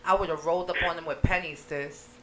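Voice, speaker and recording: A woman's voice: low voice, quick pace, a crowd in the background. A woman co-hosting a casual radio chat, telling a story in slangy talk and acting out what people said. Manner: animated slangy storyteller who acts out quotes. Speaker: radio co-host. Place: radio studio.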